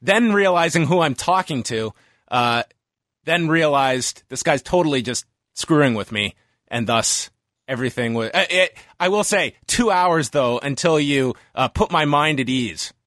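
A man's voice: on the high side, animated, unhurried, a bit bright, no echo, studio quality. A man hosting a podcast, chatting casually and enthusiastically with his guest. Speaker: podcast host. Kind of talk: casual interview chat.

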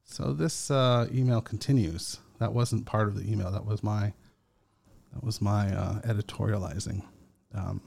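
A man hosting a casual solo podcast, talking slowly and rambling with fillers and chuckles. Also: lowish voice, steady tone, gravelly, darkish tone. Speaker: podcast host.

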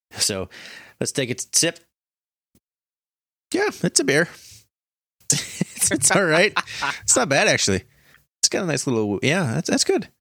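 A young adult man co-hosting a podcast in casual chat, relaxed and joking, often laughing. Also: fairly low pitch, no room sound, clean studio sound. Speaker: podcast co-host.

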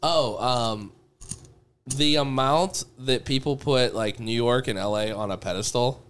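A man in a loose podcast chat, ranting in a dry, profane way about comedy life. He sits at an ordinary middle pitch and talks with a sardonic edge. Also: unhurried, a bit bright, slight background noise. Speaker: comedian guest. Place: Chicago podcast studio.

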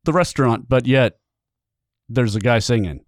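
A man's voice: medium pitch, moderate pace, dry recording, clean studio sound. A man hosting a casual music podcast, telling a rambling story and laughing often. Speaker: podcast host. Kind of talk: casual chat.

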